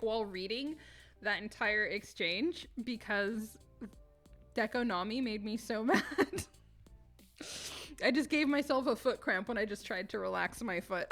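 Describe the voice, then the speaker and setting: A woman streaming a game live, reacting excitably with laughter and swearing at the villains. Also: a little high.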